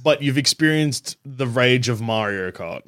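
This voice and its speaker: A man's voice: medium pitch, lively intonation, measured pace, a bit bright, dry recording. A man hosting a casual chat about games, with a dry, wry manner.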